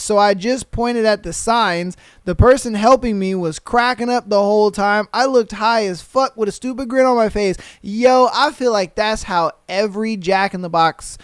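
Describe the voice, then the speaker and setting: A man's voice: very high voice, smooth, no room sound, studio quality. A man hosting a podcast, reading listener stories aloud and reacting with slangy, profane jokes and frequent laughter. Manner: laughs often, slangy and profane, mimics people in quick voices. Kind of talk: casual podcast commentary.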